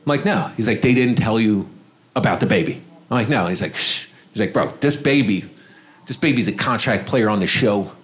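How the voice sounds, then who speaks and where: A man doing stand-up comedy on a club stage, telling a story and acting out the other people's lines in a lower voice. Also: lively intonation, fairly quick. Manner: conversational, acts out other people's lines in a low voice.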